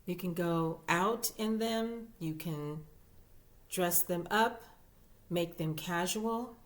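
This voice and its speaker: Slow, chatty woman crochet vlogger. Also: lowish voice. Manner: chatty and gushing, with fillers and repeats. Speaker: crochet YouTuber. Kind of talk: casual show-and-tell vlog.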